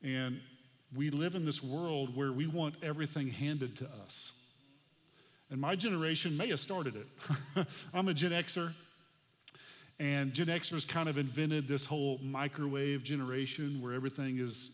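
A man's voice: mid-range voice, steady tone, normal speed, in a large hall. A man in his forties from the United States, preaching a sermon as pastor in a conversational, folksy way with casual asides.

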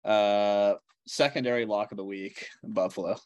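Man, casual chat, teasing, dry humor, low pitch, dry recording. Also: steady tone, moderate pace, darkish tone, clean tone, no room sound. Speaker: podcast co-host. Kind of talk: casual sports betting chat.

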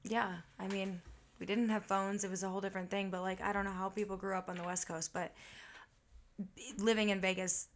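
A woman's voice: mid-range voice, level tone, brisk, slight background noise. A woman from the Midwest co-hosting a podcast in casual chat, blunt and teasing and swearing freely. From Huntley, Illinois.

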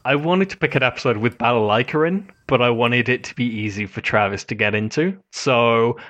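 Male podcast co-host, mid-pitched, enthusiastic and casual, swears freely. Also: fairly quick, a bit bright, highs cut off. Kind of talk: casual anime review chat.

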